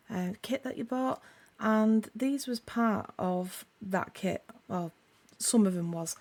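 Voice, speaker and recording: Woman, craft-channel host, croaky with a sore throat, dark and gravelly tone, casual rambling chat. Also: mid-range voice. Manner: chatty, rambling, self-correcting.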